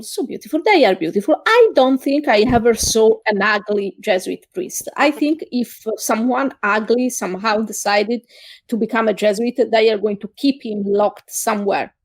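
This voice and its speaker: A woman co-hosting a casual review podcast, explaining history slowly with many hesitant pauses. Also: on the high side, no echo. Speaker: podcast co-host.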